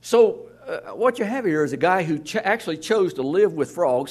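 A man's voice: high voice, lively intonation, normal speed, few pauses, a little mellow. A man preaching a sermon to his congregation in a conversational way, with sudden drops to near-whispers. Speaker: pastor.

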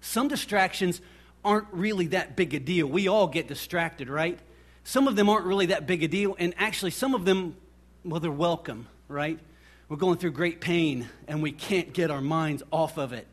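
A man's voice: fairly high pitch, normal speed. A middle-aged man preaching a sermon, telling personal stories and acting out what people said. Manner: storytelling, animated, acts out quoted voices. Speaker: pastor.

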